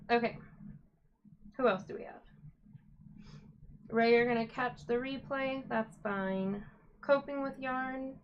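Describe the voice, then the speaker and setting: A woman's voice: on the high side, a little hiss or hum, rough recording. A woman hosting a casual live stream from home, chatting and greeting viewers by name while she dyes yarn. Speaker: livestream host dyeing yarn.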